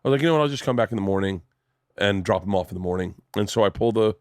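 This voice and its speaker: A man in his forties hosting a podcast in a home studio, telling animated stories and acting out the voices of the people in them. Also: lowish voice, racing, no room sound. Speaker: podcast host. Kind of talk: casual chat.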